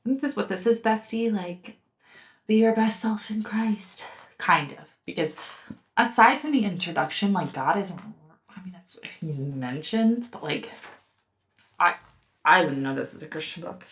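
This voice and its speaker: A woman's voice: lowish voice, expressive, moderate pace, a bit bright. A young woman reviewing a book in casual commentary, heated and sarcastic, swearing often. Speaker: book reviewer and podcast host.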